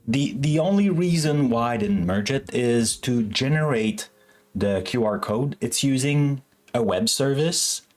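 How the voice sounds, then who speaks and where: Slow, rambling male stream host. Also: medium pitch. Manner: rambling, self-correcting, chatty with viewers. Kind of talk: casual live-stream chat.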